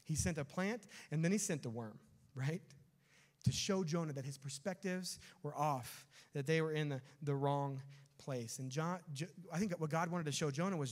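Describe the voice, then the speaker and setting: A man preaching to his congregation in a lively storytelling manner, surging up in pitch and force when he presses a point. His voice sits a touch high for a man and rings with the long reverb of a church hall. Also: moderate pace. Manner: animated, storytelling preacher with rising bursts. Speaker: pastor. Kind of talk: sermon. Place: church sanctuary.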